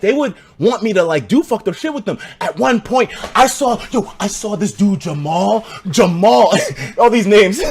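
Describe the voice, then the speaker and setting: Animated young man telling a story. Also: husky. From United States. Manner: animated, profane, laughs between lines, breaks into loud high shouts. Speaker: streamer. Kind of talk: casual storytelling on a live stream.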